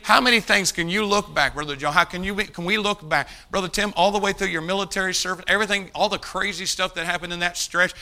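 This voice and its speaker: Bright-voiced preaching man. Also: high-pitched, fast, hardly any pauses. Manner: emphatic, calls out to the congregation. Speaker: pastor. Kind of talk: sermon.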